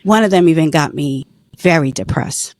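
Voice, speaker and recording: A woman's voice: low voice, normal speed, a little mellow, dry recording, studio quality. A middle-aged woman earnestly telling a personal story in conversation, emotional at times. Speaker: guest, former patient.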